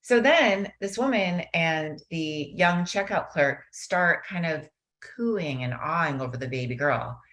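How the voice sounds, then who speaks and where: A middle-aged woman teaching mindfulness on a video call, telling a story and then slowing into a gentle guided meditation. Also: low voice, expressive. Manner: warm storytelling, slows into soft guided meditation. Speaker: mindfulness teacher and guest speaker. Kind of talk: webinar talk with guided meditation.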